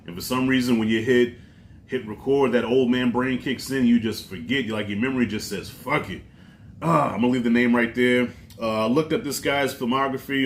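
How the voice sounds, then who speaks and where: A man's voice: medium pitch, slight background noise. A man reviewing a film in a casual vlog, talking in a loose, profane, rambling way. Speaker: movie reviewer.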